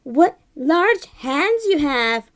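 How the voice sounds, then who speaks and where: A woman voicing a naive little girl in a storybook, high and sing-song. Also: big pitch swings, drawn-out words, heavily acted. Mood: innocent. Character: naive little girl, Little Red Riding Hood.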